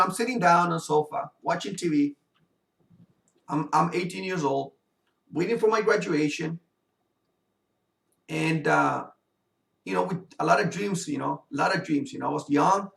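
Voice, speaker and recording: A man's voice: on the high side, normal speed, gravelly, long pauses, fairly bright tone. A man casually telling a personal story while playing a game, rambling with lots of fillers. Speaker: gamer and video host. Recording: roomy sound from a distant mic.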